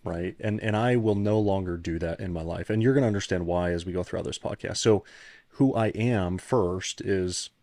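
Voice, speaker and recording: Earnest man in his thirties, low voice. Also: normal speed, darkish tone, no room sound. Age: 30s. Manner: earnest, reflective, restarts often when moved. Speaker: podcast guest, founder turned CEO coach. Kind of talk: personal storytelling in a podcast conversation.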